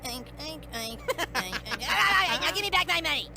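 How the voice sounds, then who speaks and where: A woman voicing a squeaky cartoon kid singing a mocking pig song. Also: lively intonation, normal speed, vocal fry, over music. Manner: sing-song, shrill, mocking.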